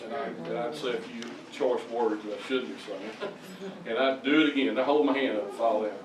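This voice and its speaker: A man's voice: mid-range voice, fairly quick, crowd noise. An older man giving a personal testimony in a church hall, telling it in a folksy way with stammering restarts. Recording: echoey, distant mic, background noise.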